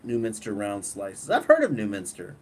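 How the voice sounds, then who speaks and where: A man hosting a casual live stream, relaxed, reading viewer comments aloud and laughing often. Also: on the low side, moderate pace, rough recording. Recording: clear background noise.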